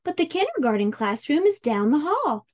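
Kind preschool teacher, read by a woman; gentle, playful, lilting. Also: high voice, big pitch swings, moderate pace, pitched above the performer's own voice. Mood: gently playful.

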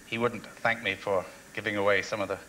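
Ein Mann in seinen Dreißigern, Schauspieler und Komiker, als Gast in einer Talkshow. Er plaudert schnell, sprunghaft und lebhaft. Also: male voice, fairly low pitch, slight background noise, rough recording. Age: 30s. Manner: quick, jabbering, animated. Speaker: actor and comedian guest. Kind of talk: talk-show chat.

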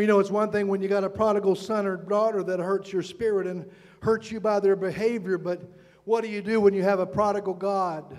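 A man preaching to his church with a strikingly high voice. He tells stories calmly, then rises into shouted, fervent appeals. The sound carries a long echo from the hall. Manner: preaching with rising shouted passages and dramatic quotes. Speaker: pastor. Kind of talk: sermon.

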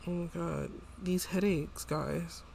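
A man's voice: a little high, steady tone, slow pace, vocal fry, a little mellow, slight background noise. A man casually commenting on a life-sim game as he plays, chatting to the characters and his viewers. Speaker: gameplay vlogger.

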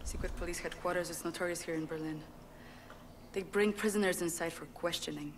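A woman's voice: on the low side, steady tone, brisk, background noise, natural voice. An actress playing a resistance woman who gives earnest, urgent instructions in a video game. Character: resistance woman urging a daring plan. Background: game music.

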